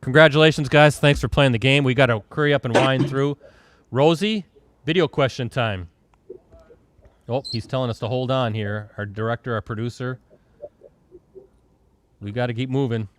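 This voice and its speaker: A man's voice: medium pitch, moderate pace, pauses often, no room sound. A man from Wisconsin hosting a live virtual sports show. He runs a quiz game with upbeat energy, keeps things moving and talks over a video call. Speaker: host.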